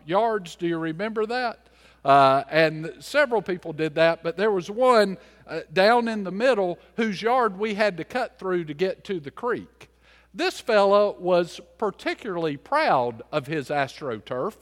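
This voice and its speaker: A man in his fifties from the mountains, a pastor telling a folksy sermon story, swinging from loud to hushed. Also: a little high, long reverb tail. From US mountains, later Charlotte.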